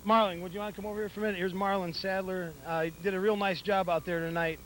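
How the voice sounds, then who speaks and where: A man doing postgame sideline interviews at an outdoor football field, talking in halting, rambling bursts. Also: high voice, little pitch movement, a bit bright, a little hiss or hum, rough recording. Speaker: sideline reporter interviewing coaches.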